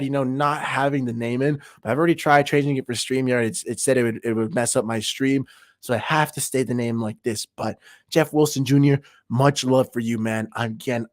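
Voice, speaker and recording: A man's voice: medium pitch, a little mellow, no echo, clean studio sound. Hyped young man on a fan livestream. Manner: hyped, emphatic, rambling fan banter. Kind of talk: excited sports fan livestream talk.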